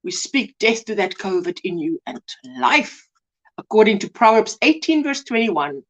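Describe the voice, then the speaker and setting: Her mid-range voice swings widely in pitch at a normal speed as she hosts a crochet livestream in South African English. Chatting casually through the comments, she greets viewers by name and calls them sweetheart.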